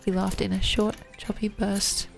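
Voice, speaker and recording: Woman reading a romance story, really gravelly fry, monotone delivery, faint music behind. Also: unhurried. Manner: even, low-key first-person narration. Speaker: reader. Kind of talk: reading romance fiction aloud.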